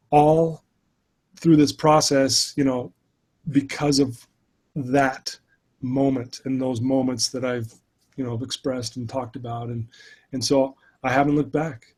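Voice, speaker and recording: A middle-aged man, a life coach, telling his story as an interview guest in a lively, casual way full of "you know" fillers. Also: medium pitch, slightly rough.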